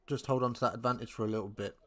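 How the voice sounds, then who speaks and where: A man's voice: medium pitch, steady tone, very fast, a bit bright. Chatty young man hosting a rugby watch-along. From England. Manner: chatty, thinks aloud, answers viewer comments. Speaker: live watch-along host. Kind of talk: casual live match commentary.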